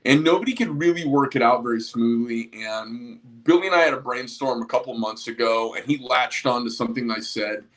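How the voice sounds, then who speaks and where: A man who owns a small knife company rants casually to camera, full of profanity and rambling asides. His mid-range, fairly bright voice moves fairly quickly with few pauses.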